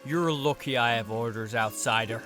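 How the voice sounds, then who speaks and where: A man's voice: mid-range voice, moderate pace, over music, close to an everyday voice. An actor playing a smug male thug in a fantasy game, making cold, mocking threats. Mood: menacing. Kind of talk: game character dialogue.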